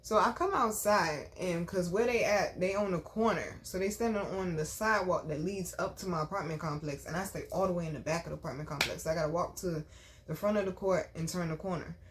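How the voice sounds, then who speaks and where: A woman with a slightly low voice tells a story from her own life to her vlog audience. She is emphatic and chatty, and keeps breaking off to address her viewers directly. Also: fairly quick, a little hiss or hum. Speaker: vlog host telling a personal story. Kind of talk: casual storytelling.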